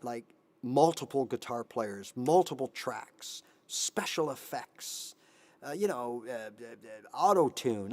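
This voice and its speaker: A man in his fifties who hosts a guitar channel, giving animated motivational advice on a live stream and now and then singing a line. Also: a little high. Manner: animated, sings snippets, voices his inner brain. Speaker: guitar teacher, channel host.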